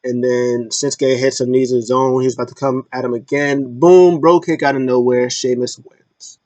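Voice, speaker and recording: A man's voice: medium pitch, normal speed, no room sound. A man casually recapping a wrestling show, retelling it in slang with lots of fillers and acted-out quotes. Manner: animated storytelling, slangy, acts out quotes, many fillers.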